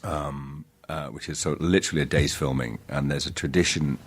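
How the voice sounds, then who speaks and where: A man with a very deep, low voice, chatting as a podcast guest. He tells stories in a halting, self-interrupting way and often pokes fun at himself. He sounds middle-aged and easygoing. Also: steady tone, breathy edge. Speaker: guest actor.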